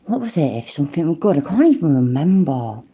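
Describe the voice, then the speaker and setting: A woman's voice: deep voice, sing-song, fast, dark tone, husky. A woman with an English Midlands accent, doing rambling, sarcastic, sweary livestream commentary. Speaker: streamer.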